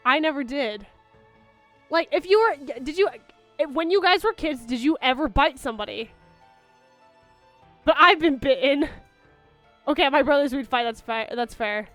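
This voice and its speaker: Chatty high-voiced young woman streamer. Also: animated, moderate pace, a bit bright, faint music behind. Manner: chatty, rambling, many fillers and restarts; baby-talk to her dog. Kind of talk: casual chat with viewers.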